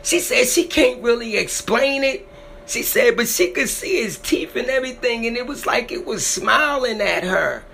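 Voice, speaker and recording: A man with a very high, animated voice, vocal fry, and a sharp tone emotionally retells someone's frightening encounter at a normal speed. His storytelling is dramatic and repetitive, and his voice swells when feelings run high. A little hiss or hum is audible.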